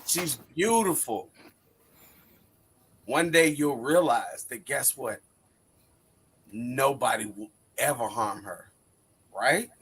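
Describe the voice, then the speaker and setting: Man in his forties, dramatic, mock-hurt, lively wide-ranging pitch, slightly husky. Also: slow pace, long pauses. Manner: dramatic, mock-wounded, preachy. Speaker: wrestling panel guest. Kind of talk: heated panel banter.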